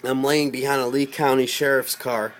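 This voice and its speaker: A man telling a personal story in casual, rambling speech, swearing freely and getting loud when he quotes himself. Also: mid-range voice, flat delivery, normal speed. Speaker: storyteller recounting a personal experience.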